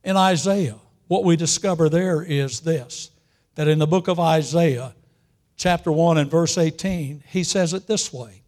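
A man preaching a sermon, telling stories in a folksy way with drawn-out pauses and frequent throat clearing. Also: on the high side, darkish tone. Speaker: pastor.

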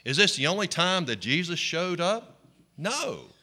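Animated pastor, bright voice. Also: male voice, high voice, measured pace. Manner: animated, leads call-and-response with the congregation. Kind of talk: sermon.

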